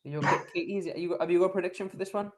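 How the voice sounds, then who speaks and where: A man's voice: high-pitched, fairly even intonation, very fast, darkish tone. A man hosting a sports podcast in casual chat, enthusiastic and leading the discussion. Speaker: podcast host.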